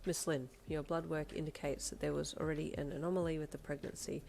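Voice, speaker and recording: A woman's voice: sits low, little pitch movement, fast, gravelly. Curt, clinical male doctor, stern and matter-of-fact, read by a woman. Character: blunt male hospital doctor, authoritative.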